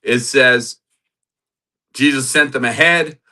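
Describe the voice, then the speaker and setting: A man's voice: mid-range voice, slow, pushed and bright. A man teaching from the Bible in a sermon style, reading scripture aloud and building to emphatic, repeated phrases. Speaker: preacher.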